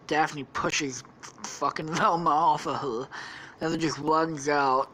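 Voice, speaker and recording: A woman's voice: low-pitched, fairly even intonation, slow pace, fairly bright tone, slight background noise, poor audio. A woman hosting a podcast, telling a crude comic story loosely with lots of swearing and laughter. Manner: profane, laughing, loose retelling. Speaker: podcast host.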